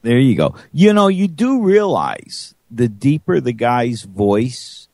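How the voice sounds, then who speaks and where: A man co-hosting a live podcast in a studio, making dry, teasing jokes in a deadpan way. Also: mid-range voice, takes it slowly, dry recording. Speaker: co-host. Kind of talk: casual live show banter.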